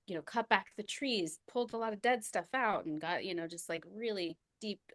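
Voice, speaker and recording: A woman's voice: lowish voice, a bit bright, no room sound, studio quality. A woman guest on a podcast, telling stories in a reflective way and laughing often. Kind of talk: reflective conversational storytelling.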